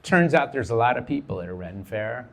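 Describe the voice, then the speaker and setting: A man's voice: mid-range voice, animated, fairly quick, creaky. A middle-aged man telling a personal story in a casual, profane way, acting out the dialogue as he goes.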